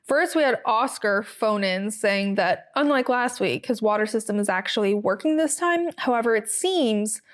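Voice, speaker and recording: A woman's voice: on the high side, expressive, moderate pace, hardly any pauses. An American woman hosting a podcast, recapping in a chatty, casual way with many fillers and wry asides. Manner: chatty, lots of ums and likes, wry asides. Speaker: podcast host. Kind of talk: casual solo recap chat.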